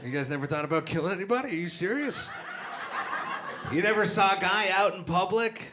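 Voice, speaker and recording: A middle-aged man doing a stand-up set on a club stage, with dark, deadpan crowd work and acted-out voices. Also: high-pitched, fairly quick, noisy background. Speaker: stand-up comedian. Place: comedy club stage before a live audience. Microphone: handheld stage mic. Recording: live club recording, loud crowd laughter.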